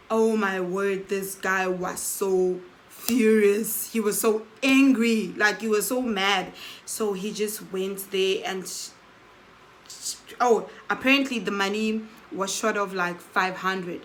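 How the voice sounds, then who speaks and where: A woman's voice: medium pitch, unhurried, slight background noise, low-quality recording. A woman telling a casual story-time tale, acting out the quoted dialogue of the people in it. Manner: animated, acts out quoted dialogue with "I'm like". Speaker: storytelling vlogger.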